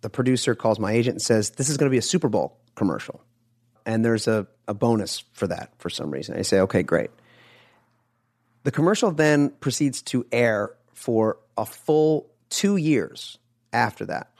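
A man who is an actor, a podcast guest telling anecdotes in a casual, animated way and acting out the lines of people in his stories. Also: mid-range voice, moderate pace. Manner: animated storyteller, acts out quoted lines. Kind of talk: casual interview chat.

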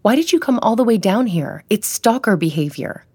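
A woman's voice: mid-range voice, sing-song, normal speed, mellow, husky, voice pushed up. A woman voicing a defiant frightened woman. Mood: angry. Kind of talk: audiobook character reading.

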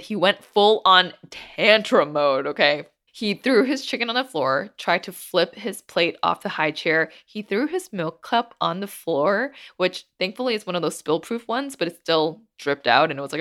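A woman's voice: fairly low pitch, a bit bright. A woman in her thirties hosting a podcast, chatting candidly and acting out her stories expressively. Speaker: podcast host. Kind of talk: candid casual chat.

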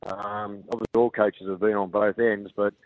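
An Australian man, a rugby league coach, talking haltingly with many fillers and restarts in a radio interview over the phone. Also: on the low side, little pitch movement, no echo. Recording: tinny phone line.

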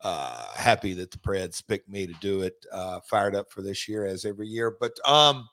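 Halting middle-aged man. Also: fairly low pitch, bright, forceful tone. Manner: halting, many restarts and fillers. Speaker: podcast host. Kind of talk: casual chat.

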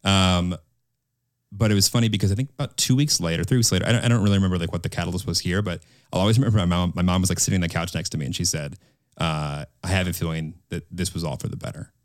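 A man's voice: sits low, fairly even intonation, fast, dry recording, studio quality. A young man co-hosting a podcast, telling a personal story candidly and emotionally with many restarts. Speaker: podcast co-host. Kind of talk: casual podcast chat.

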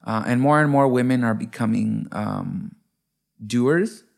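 Halting man with a gravelly voice. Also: mid-range voice. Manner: halting, conciliatory, many fillers. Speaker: podcast co-host. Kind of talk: candid couple conversation.

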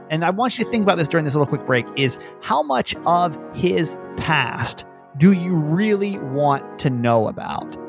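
A Southern man hosting a podcast in loose, chatty conversation. His voice has a gravelly, fry-laden texture, with a light music bed in the background. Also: fairly high pitch. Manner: laughs often, quick and chatty with fillers. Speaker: podcast host. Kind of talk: casual chat.

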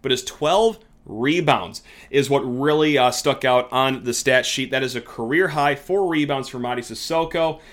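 A man's voice: mid-range voice, moderate pace, a bit bright. A man hosting a sports podcast, talking casually and joking, sometimes with sarcasm. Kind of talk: casual sports talk commentary.

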